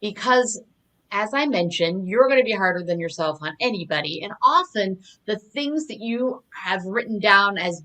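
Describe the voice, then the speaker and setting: A middle-aged woman coaching her audience in a relaxed, conversational way. Her voice is bright and clear, sitting at an ordinary pitch. She drifts into personal stories as she explains. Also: normal speed, low-quality recording. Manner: conversational, reflective, with personal anecdotes. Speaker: communication coach. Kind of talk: live online coaching talk.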